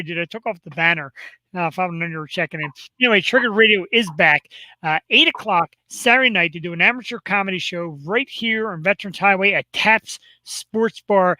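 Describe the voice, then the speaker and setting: A man co-hosts a live talk show, joking around in quick excitable bursts. His voice is bright and forceful, recorded close and dry with no room sound. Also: high-pitched, dry recording, rough recording. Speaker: co-host. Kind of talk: casual chat.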